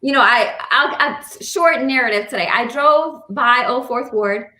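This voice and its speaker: High bright-voiced woman, echoey room. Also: unhurried. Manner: rambling, heartfelt, many fillers. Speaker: campaign supporter. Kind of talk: casual video call chat. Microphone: video call.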